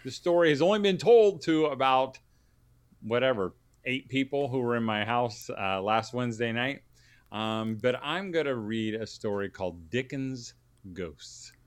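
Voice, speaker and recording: A man hosting a podcast, chatting in a relaxed, hesitant way and then reading a story aloud to families. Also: mid-range voice, unhurried, clear, resonant tone, no room sound. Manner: relaxed, hesitant, with many fillers. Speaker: podcast host.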